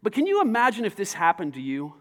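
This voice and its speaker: A man preaching to his church, talking conversationally with many rhetorical questions and rising to shouts. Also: sits high, wildly swooping pitch, fast. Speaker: pastor. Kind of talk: sermon.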